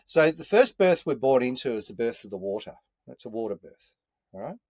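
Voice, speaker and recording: Aussie bloke yarning away, lively and earthy, medium pitch, dry close sound. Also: male voice, brisk, no echo. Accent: Australian. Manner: animated, earthy, sprinkles in mild swearing. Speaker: podcast guest. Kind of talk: casual storytelling chat. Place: inside a caravan.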